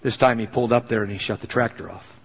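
A man's voice: medium pitch, level tone, fast talker, slightly rough, long reverb tail, rough recording. A man pastor preaching a sermon, telling a personal story in an earnest, conversational way.

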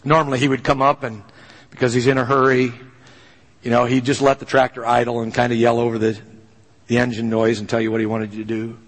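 A man's voice: mid-range voice, level tone, fairly quick, in a large hall, rough recording. A man pastor preaching a sermon, telling a personal story in an earnest, conversational way.

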